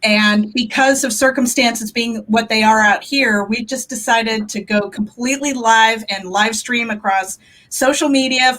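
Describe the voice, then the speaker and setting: A woman's voice: a little high, a bit bright, rough recording. A woman hosting a film festival Q&A, wrapping up the event with upbeat announcements. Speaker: festival host.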